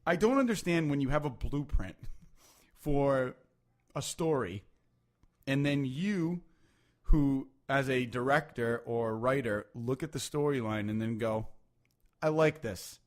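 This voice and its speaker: A man's voice: medium pitch, measured pace. A man co-hosting a casual podcast, blunt and laid-back, swearing freely. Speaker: podcast co-host. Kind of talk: casual chat.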